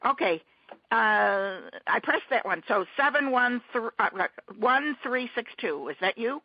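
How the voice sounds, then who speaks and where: A woman hosting a teleconference casually, talking haltingly with many restarts and fillers over a muffled conference-call line. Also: fairly high pitch, expressive, breathy edge, dry recording.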